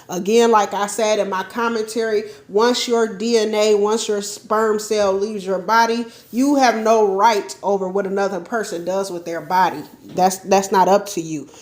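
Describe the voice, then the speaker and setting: Fired-up woman ranting, blunt and profane. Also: mid-range voice. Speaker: commentary vlogger and nurse. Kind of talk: ranting true-crime commentary.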